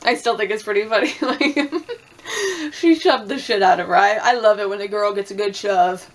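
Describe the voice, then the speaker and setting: A woman's voice: mid-range voice, normal speed. A young woman chatting casually through a reality TV recap, swearing freely, acting out quotes and laughing often. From Puerto Rican and Cuban heritage.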